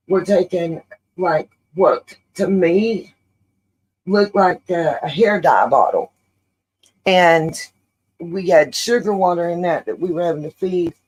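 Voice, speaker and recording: A woman's voice: fairly low pitch, darkish tone, husky, poor audio. A middle-aged woman, hosting a casual livestream and rambling chattily with many fillers. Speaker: livestream host.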